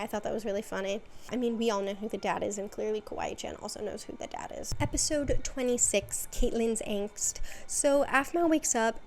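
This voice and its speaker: A woman's voice: medium pitch, a little hiss or hum. A woman hosting her own video, giving a chatty, casual recap full of "like" and wry asides. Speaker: video essay host.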